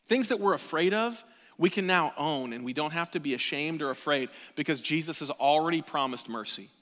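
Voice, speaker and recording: A fairly high-pitched man in his thirties preaching a sermon with a bright, forceful tone. He swings from quiet asides to near-shouts. His voice rings through the long reverb of a church hall. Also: animated, a little fast. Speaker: pastor. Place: church sanctuary.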